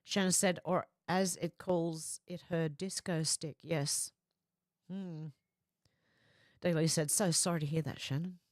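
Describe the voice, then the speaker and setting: A woman's voice: sits low, unhurried, no echo. Chatty woman reading live chat, dry sound. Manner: chatty, reads comments in a flat running voice with asides. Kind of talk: casual chat reading viewer comments aloud.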